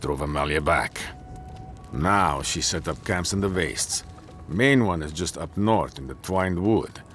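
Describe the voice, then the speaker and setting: A man voicing a gruff, weary male dwarf tower commander in a video game, speaking grimly and bluntly. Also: deep voice, lively intonation, unhurried, fairly bright tone, a little hiss or hum. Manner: grim, blunt, gravelly.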